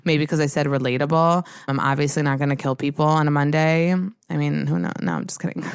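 A woman's voice: deep voice, fast talker, clear, resonant tone, no room sound, clean studio sound. A young woman hosting a podcast, telling a story in a casual solo rant, chatty and self-mocking with plenty of swearing. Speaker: podcast host.

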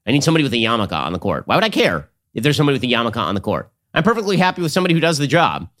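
A man hosting a political commentary show, arguing in a rapid, sardonic way. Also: medium pitch, wildly swooping pitch, a bit bright. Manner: rapid, sardonic, argumentative delivery. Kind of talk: fast political commentary and read ad.

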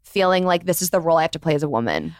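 A woman hosting a podcast interview, relaxed and reflective, asking long questions. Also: low-pitched, very fast, no echo, clean studio sound. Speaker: podcast host. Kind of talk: casual interview chat.

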